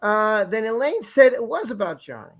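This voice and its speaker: A man's voice: sits high, big pitch swings, normal speed, muffled recording, a crowd in the background. A man hosting a live stream, asking rhetorical questions in a repetitive, casual way.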